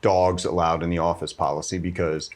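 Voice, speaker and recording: A man's voice: low voice, flat delivery, brisk. A man co-hosting a casual office chat, ribbing the host dryly with rambling asides.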